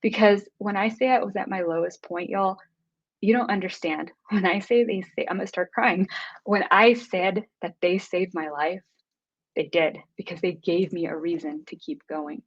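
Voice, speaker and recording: A woman's voice: on the low side, steady tone, slightly rough. Earnest woman giving a heartfelt tech talk. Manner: earnest and emotional, quick bursts. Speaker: conference speaker. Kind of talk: motivational conference talk. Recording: dull lo-fi recording.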